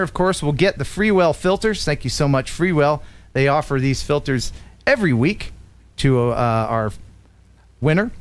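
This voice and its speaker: A man hosting a casual live stream, chatting with a co-host and viewers and making playful jokes. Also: a little high.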